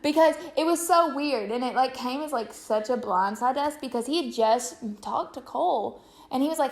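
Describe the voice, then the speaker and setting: A woman's voice: sits high, fairly quick. A woman vlogger telling a story in a chatty, rambling way with lots of fillers. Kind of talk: casual storytelling to camera.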